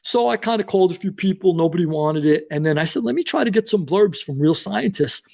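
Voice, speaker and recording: A man's voice: high voice, gravelly. A man, a guest author telling stories in an interview and acting out the dialogue. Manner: acts out dialogue in quotes, fast and excited. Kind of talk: animated storytelling interview.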